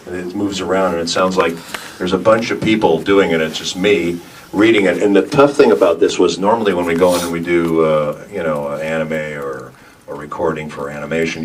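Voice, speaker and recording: A man, a voice actor, telling animated stories and answering questions at a convention panel. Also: sits low. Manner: animated storyteller, puts on voices in anecdotes. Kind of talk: panel talk with audience. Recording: noisy hall, miked from a distance.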